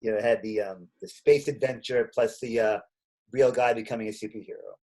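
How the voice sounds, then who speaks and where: A man's voice: on the low side, fairly even intonation, dark tone, slight background noise. A middle-aged man answers interview questions casually, often restarting and correcting himself mid-sentence. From Staten Island, New York. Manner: halting, with frequent restarts and self-corrections. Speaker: interview guest, comedian.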